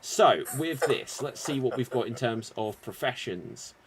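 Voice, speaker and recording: A man's voice: mid-range voice, animated, unhurried, background noise. A man hosting an improv comedy show, upbeat and laughing as he calls on players. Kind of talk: casual hosting.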